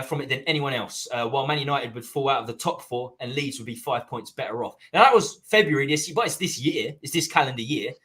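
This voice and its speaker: A man hosting a live fan podcast, relaxed and hesitant with fillers. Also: medium pitch. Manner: relaxed, hesitant with ums, chuckling. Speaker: podcast host. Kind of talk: live-stream chat.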